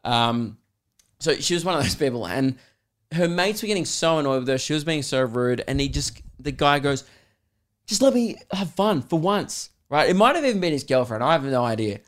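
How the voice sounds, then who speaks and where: A man's voice: mid-range voice, brisk. An Australian man hosting a podcast, telling a story casually with lots of swearing and laughter. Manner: animated, swearing, joking. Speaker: podcast host and comedian.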